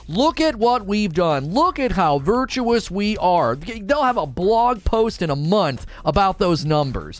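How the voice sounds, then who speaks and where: Man, streamer doing heated commentary; sarcastic, lively swoops in pitch, slightly high voice, soft music bed. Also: no room sound. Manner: indignant, sarcastic, mocks others in hushed put-on voices. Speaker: streamer commenting on industry news.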